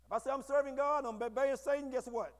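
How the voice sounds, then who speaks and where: A man preaching a sermon to his congregation, with call-and-response and bursts of shouting. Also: very high-pitched, steady tone, fast. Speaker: pastor. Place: church sanctuary. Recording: echoey hall.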